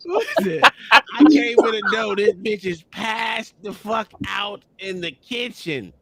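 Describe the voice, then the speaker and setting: A man hosting a casual podcast, telling profane stories loudly and laughing through them. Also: high voice, very animated, takes it slowly, gravelly, a crowd in the background. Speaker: podcast host. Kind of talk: casual crude storytelling.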